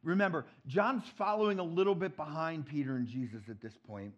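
Dynamic male preacher, lo-fi. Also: a little fast. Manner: dynamic preaching, swinging from loud emphatic quotes to hushed low asides. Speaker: pastor. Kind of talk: sermon.

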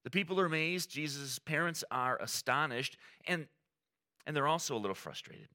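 Animated, bright-voiced male preacher. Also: on the high side, moderate pace. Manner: animated, conversational preaching with quoted asides. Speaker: pastor. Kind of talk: sermon.

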